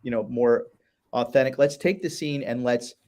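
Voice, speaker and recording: A man's voice: medium pitch, moderate pace, a little mellow. A man, a business advisor guest, talking enthusiastically in a casual chat and repeating words as he starts.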